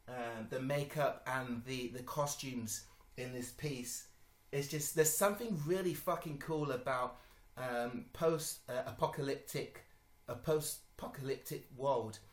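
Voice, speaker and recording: A man talks through a movie trailer in casual, rambling commentary, his mid-range voice jumping from hesitant ums to excited swearing. The recording has a noticeable roomy echo around him. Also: mid-range voice. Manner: excitable, swears often, rambling with many fillers. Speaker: vlogger reacting to a movie trailer.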